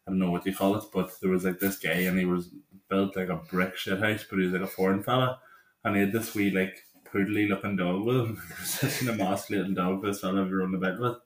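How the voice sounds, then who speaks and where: A man's voice: sits low, little pitch movement, fast talker, echoey room, slight background noise. A young man, chatting casually as a podcast co-host and telling stories with plenty of swearing. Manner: swearing, storytelling, laughs often. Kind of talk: casual chat.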